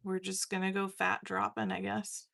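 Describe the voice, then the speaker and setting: Her voice sits at medium pitch, creaky and a touch bright, with flat delivery at a moderate pace. She's a young watercolor artist painting on a live stream, chatting, laughing frequently and making fun of herself.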